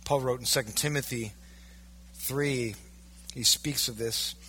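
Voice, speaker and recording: A male pastor preaching a sermon, emphatic, swinging from loud, stressed peaks down to low, quiet lines. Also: fairly even intonation, measured pace, slight background noise.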